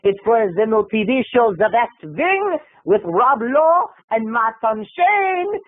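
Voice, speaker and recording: A man's voice: extremely high pitch, big pitch swings, slow pace, no room sound, voice pushed up, heavily acted. A man putting on a bossy foreign woman agent. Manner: clipped, commanding, repeating herself. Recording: tinny, phone-like, dry sound.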